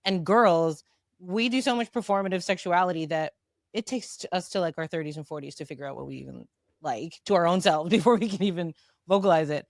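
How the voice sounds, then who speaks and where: Woman podcast host, chatty and expressive, low-ish voice, dry studio sound. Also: brisk, dry recording. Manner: chatty, expressive, laughs while talking. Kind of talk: casual chat.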